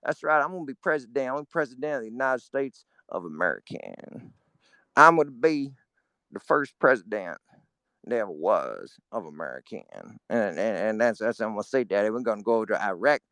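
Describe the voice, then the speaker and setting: A man's voice: on the low side, expressive, fairly quick, sharp tone, no room sound. A man voicing a bumbling, boastful folksy male president in a rambling, blustery drawl. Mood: giddy boastful. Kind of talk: comedic impression.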